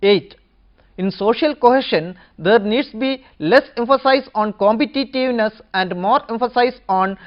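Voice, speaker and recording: Woman giving a measured lecture, dull recording. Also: medium pitch. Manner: measured, listing points one by one. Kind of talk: educational lecture.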